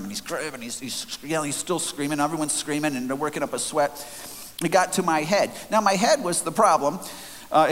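A man preaches a sermon as earnest, conversational storytelling, restarting often. His voice is on the high side and fairly bright, and the recording carries a faint hiss and long hall reverb.

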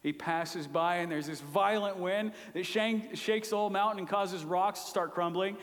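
A man preaching a sermon, retelling a scripture story with dramatic shifts between pleading outbursts and hushed whispers. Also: high-pitched, moderate pace. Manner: dramatic retelling, acting out voices with loud pleas and hushed whispers. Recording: long hall reverb.

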